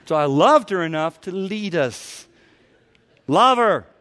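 Animated middle-aged male preacher, fairly high. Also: takes it slowly. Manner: animated preaching, acting out people's voices with sudden loud bursts. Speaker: pastor. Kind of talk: sermon.

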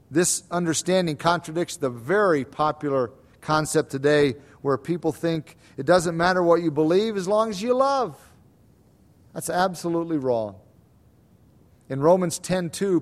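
A pastor preaching a sermon, swinging between soft lines and emphatic, repeated calls. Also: male voice, high-pitched. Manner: repeats words for stress.

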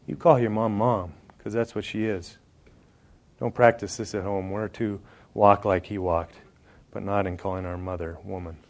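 A man's voice: fairly low pitch, fairly even intonation, normal speed, slight background noise. A man preaching a sermon, joking and talking straight to the congregation in an indoor hall. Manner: conversational and joking, addressing the congregation directly.

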